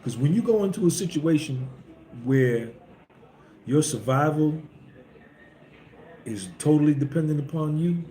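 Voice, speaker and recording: A man's voice: on the high side, expressive, measured pace, pauses often, warm tone. Blunt storytelling man, echoey room. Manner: blunt, emphatic, preachy street talk. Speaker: podcast host. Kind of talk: casual monologue storytelling. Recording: echoey room with faint background hum.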